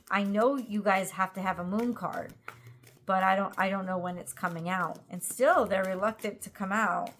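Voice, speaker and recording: A woman's voice: mid-range voice, fairly bright tone. Tired woman, tarot reading, rambling, lots of fillers, casual to camera. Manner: rambling, thinking aloud with many fillers. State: tired, yawning. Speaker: tarot reader.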